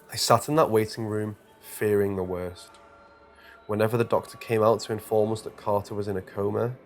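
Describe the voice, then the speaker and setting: Man narrating a horror story. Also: on the low side. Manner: dramatic, tense storytelling. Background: quiet music.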